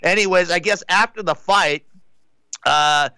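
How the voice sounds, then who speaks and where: A man's voice: sits high, a little slow, gravelly, bright, forceful tone, clear, resonant tone, no room sound. A man co-hosting a casual talk radio show, rambling and hesitating often as he talks. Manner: rambling, hesitant, many "uh"s and restarts. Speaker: radio co-host.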